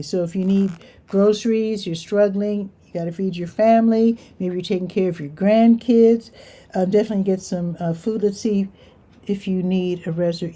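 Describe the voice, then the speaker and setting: Woman, community host, casual chatty schedule reading, very warm dark tone, mid pitch. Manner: chatty, reads schedules aloud with asides. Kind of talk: casual live-stream event rundown.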